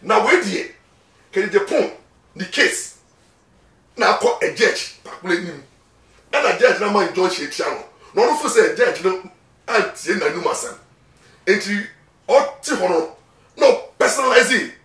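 High, lively Ghanaian man, echoey. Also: unhurried, long pauses. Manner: emphatic, repeats words, acts out quotes. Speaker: lawyer guest. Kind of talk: animated interview talk mixing Twi and English. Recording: echoey room, mic at a distance.

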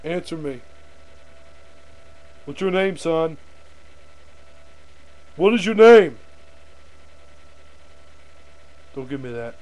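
A man's voice: a little high, expressive, takes it slowly, darkish tone, poor audio. A man doing a bullying, barking traffic cop. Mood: interrogating. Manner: barking, interrogating, threatening. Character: bullying loud-mouthed male traffic cop. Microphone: webcam microphone.

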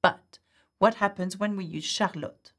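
A woman's voice: mid-range voice, a little slow, a bit bright. A woman teaching a French grammar lesson, patiently explaining step by step and often checking in with "okay?". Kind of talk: online language lesson.

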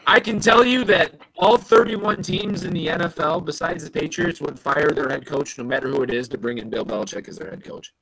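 A man co-hosting a sports podcast who gives blunt, firm opinions. His voice is bright and tense, with a gravelly fry running through it. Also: a little high, fairly quick, hardly any pauses, low-quality recording. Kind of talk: casual sports chat.

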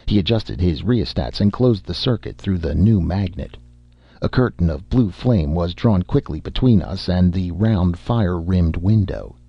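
A man reading a science fiction story aloud in steady audiobook narration, with occasional stammers. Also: sits low, vocal fry, breathy edge, no echo. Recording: dull lo-fi dry recording.

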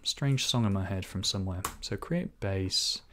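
A man's voice: deep voice, moderate pace, a bit bright, a little hiss or hum. A man live-streaming a programming session, thinking aloud, trading jokes with viewers and chuckling often. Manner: muses aloud, weighs names, chuckles often. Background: computer keyboard typing.

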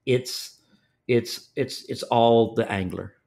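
A man's voice: mid-range voice, slow pace, gravelly, darkish tone. An older man from Texas with a Texan accent, a fishing guide telling stories in a folksy interview, often repeating his words. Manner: folksy, repeats words, acts out quoted voices. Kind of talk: storytelling interview.

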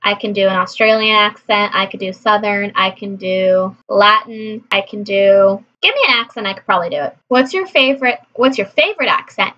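Bright-voiced woman, dull lo-fi sound. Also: medium pitch. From California. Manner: chatty, answers briskly with frequent laughs. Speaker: vlogger answering a questionnaire. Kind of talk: casual chat.

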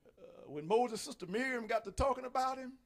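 A male pastor preaching a sermon, folksy and animated, acting out the voices he quotes. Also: very high voice, fairly quick.

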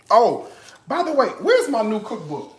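A sassy, playful man hosts a home cooking vlog, his voice leaping around with lively pitch. He takes his time and drawls slowly between quips. The kitchen sounds echoey and roomy. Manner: playful, sassy, bursts into song. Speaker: cooking show host. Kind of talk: casual cooking vlog chat.

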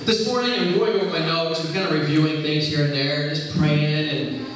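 A man's voice: a little high, steady tone, moderate pace, a bit bright, a little hiss or hum. A man giving an earnest, conversational sermon at a religious gathering, retelling conversations in quoted speech. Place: large hall. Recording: echoey hall, speaker far from mic.

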